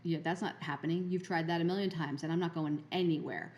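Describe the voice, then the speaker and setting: A woman voicing a stubborn, loyal female rainbow plasma being in a quiet, flat, dismissive tone. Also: sits low, fast, natural voice.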